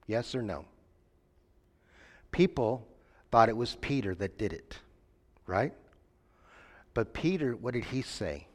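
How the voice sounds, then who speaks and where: A man's voice: medium pitch, sing-song, slow pace, long pauses. A man preaching an interactive sermon. He questions his listeners, asks them to call out answers, and tells stories with acted-out voices. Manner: questions the audience and invites answers. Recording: long hall reverb.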